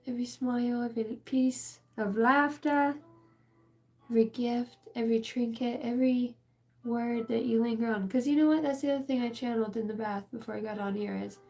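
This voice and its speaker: A woman's voice: on the high side, fairly even intonation, moderate pace, warm tone, faint music behind. A woman giving a casual channeled spiritual reading, rambling and emotional, swearing freely.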